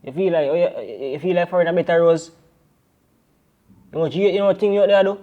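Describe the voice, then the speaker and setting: A man's voice: sits high, fast talker, phone-quality sound, close to an everyday voice. A man with a Jamaican accent playing a deported man back home with his brother, talking in a rambling, defensive way full of "you know". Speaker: actor in a crime drama. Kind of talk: Jamaican Patois film dialogue.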